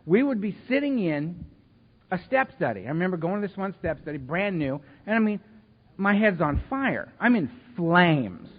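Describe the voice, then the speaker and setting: A man speaking at a recovery meeting, telling his story in an animated, self-mocking way. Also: sits high. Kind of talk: storytelling talk to a live meeting. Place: meeting hall. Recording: echoey hall, dull lo-fi sound.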